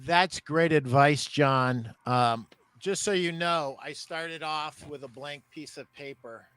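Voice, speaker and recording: A man's voice: fairly high pitch, takes it slowly, a bit bright, smooth. Earnest man hosting a podcast. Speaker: podcast host, store owner. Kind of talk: podcast interview.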